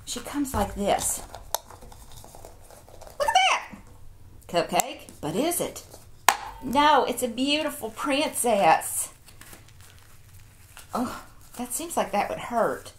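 A woman's voice: on the high side, expressive, slow, pauses often, noisy background. A woman, chatting casually while unboxing toys and cooing over each one. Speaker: toy collector vlogger.

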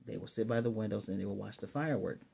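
A man casually reviewing an anime episode on his own channel, rambling enthusiastically and quoting characters in quick asides. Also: lowish voice, gravelly, warm tone, slightly rough. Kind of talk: casual solo video review.

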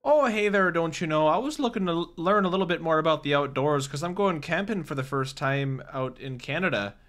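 A man's voice: a little high, lively intonation, brisk, fairly bright tone. A man voicing a chirpy, folksy camper with a put-on upper-Midwest twang, sing-song and overly friendly, over game music.

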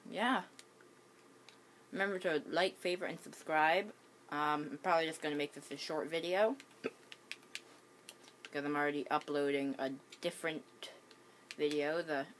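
Low-voiced hesitant woman with hiccups. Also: fairly bright tone, a little hiss or hum. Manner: hesitant, many ums and restarts. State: has the hiccups. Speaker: gaming channel host. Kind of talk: casual gameplay commentary.

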